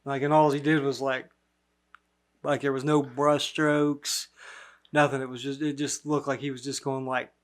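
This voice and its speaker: A man's voice: medium pitch, little pitch movement, moderate pace. A man filling in as guest on a casual movie podcast, telling an anecdote in a laid-back way. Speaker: guest co-host.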